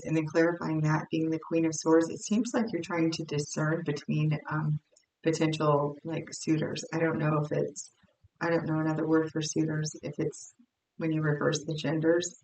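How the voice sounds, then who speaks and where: A woman's voice: low voice, fairly even intonation, normal speed, darkish tone, distant mic. A young woman giving a casual tarot reading, thinking aloud in a rambling, self-interrupting way. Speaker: tarot reader. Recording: roomy, off-mic with faint noise.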